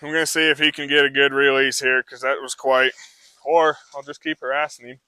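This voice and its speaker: A man's voice: medium pitch, little pitch movement, fairly quick, bright, forceful tone, clean tone, no echo. A man who trains horses, talking a live audience through a demonstration in a casual, rambling way full of fillers.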